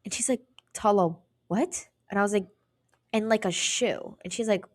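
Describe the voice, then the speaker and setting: Animated young woman telling a wild story. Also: medium pitch, fairly quick. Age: young adult. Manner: animated, profane, acts out quoted voices. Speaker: podcast co-host. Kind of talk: casual storytelling chat.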